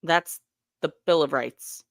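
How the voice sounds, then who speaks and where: A woman's voice: low voice, takes it slowly, vocal fry, no echo, studio quality. A young woman co-hosting a livestream, chatting casually with swearing and laughing asides to viewers. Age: young adult. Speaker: livestream co-host. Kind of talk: casual commentary chat.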